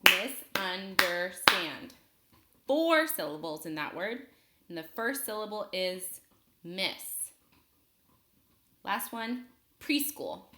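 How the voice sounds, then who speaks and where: A woman teaching a phonics lesson to young children, speaking slowly and clearly and pausing for them to answer. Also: lowish voice, lively intonation, fairly bright tone, roomy sound. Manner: slow, clear, patient teacher talk with pauses for students.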